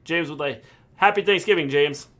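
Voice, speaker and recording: A middle-aged man co-hosting a casual livestream with his daughter, making dry, deadpan jokes. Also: on the high side, moderate pace. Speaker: co-host, father of the host. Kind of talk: casual chat.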